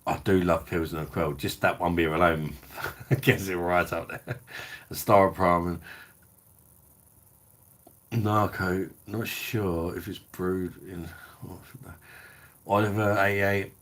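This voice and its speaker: A tipsy middle-aged man chats loosely on a live stream, swearing and calling everyone mate. His voice sits very low and deep. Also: steady tone, takes it slowly, long pauses, a bit bright. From England. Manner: blokey, sweary, reads out viewer comments. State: tipsy from drinking. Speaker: beer review channel host. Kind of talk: casual live stream chat.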